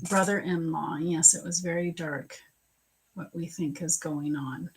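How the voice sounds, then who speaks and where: A woman's voice: low-pitched, steady tone, measured pace, breathy edge, low-quality recording. A woman psychic medium giving chatty live readings to viewers, teary and emotional at times. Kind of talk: casual live-stream reading.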